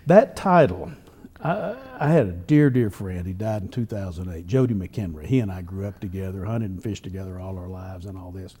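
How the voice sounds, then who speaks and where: An older man spins folksy stories for an interviewer, his voice low, husky and mellow. His pitch rolls up and down as he leans into a punchline. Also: animated. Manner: folksy, drawn-out storytelling with chuckles. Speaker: newspaper columnist and humorist. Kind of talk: storytelling interview answers.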